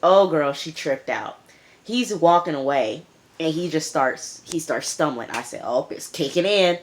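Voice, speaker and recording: A young woman recapping a TV episode in casual chat, animated and emphatic, repeating lines for effect. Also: deep voice, a little slow, slight background noise. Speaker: TV show reviewer.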